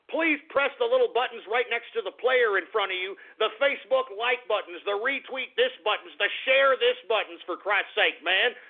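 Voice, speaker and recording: A man hosting an internet radio show, ranting angrily and cursing, swinging from low muttering to shouting. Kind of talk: angry political rant. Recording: tinny phone-like internet radio audio.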